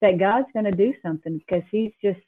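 A woman guest tells her faith testimony in a lively, emphatic rush, laughing now and then. Her mid-pitched voice comes through a thin, tinny phone line. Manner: animated storytelling, quick and emphatic, laughs. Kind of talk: personal testimony in interview.

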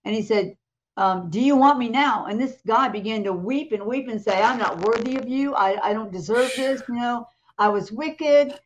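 A woman co-hosting a talk show, retelling a testimony in a lively way and acting out the voices in it. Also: on the high side, normal speed, muffled recording. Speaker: co-host. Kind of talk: animated testimony storytelling.

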